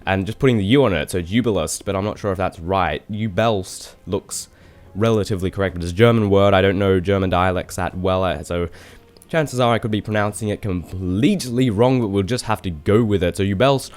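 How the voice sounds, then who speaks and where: A young man from Australia casts a game replay on his own, chatty and quick to poke fun at himself. His voice sits fairly low. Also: a little mellow. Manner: chatty, self-deprecating asides. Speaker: esports caster. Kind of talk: solo game commentary.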